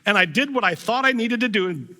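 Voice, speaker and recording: Man, middle-aged, pastor, sermon, storytelling, conversational, bright forceful tone. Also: high-pitched, expressive, brisk. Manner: conversational, anecdotal, frequent restarts.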